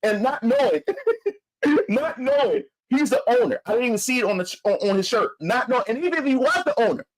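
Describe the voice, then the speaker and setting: A man's voice: very high-pitched, very animated, fast talker, rough recording. A man from Philadelphia telling a story in a heated, profane, repetitive rant. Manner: heated, profane, repeats himself. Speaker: vlogger.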